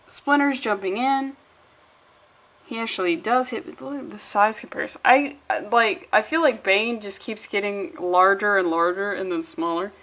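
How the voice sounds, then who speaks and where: Excitable woman reviewing comics. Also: fairly high pitch. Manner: excitable and rambling, with swearing and jokey asides. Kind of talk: casual comic review vlog.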